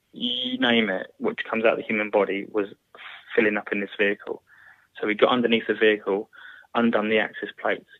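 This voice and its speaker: A British man in his thirties, a former soldier, telling a war story in an interview in a halting, plain-spoken way with many restarts. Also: on the low side, dry recording. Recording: tinny phone-like line, dry.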